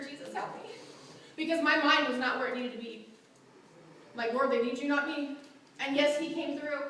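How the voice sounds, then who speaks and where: Lady teaching bible class, high bright voice, lots of echo, mic kinda far. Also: slight background noise. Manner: animated, acts out quotes, laughs often. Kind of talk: church class teaching, storytelling. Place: church classroom. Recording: very echoey room, mic far off.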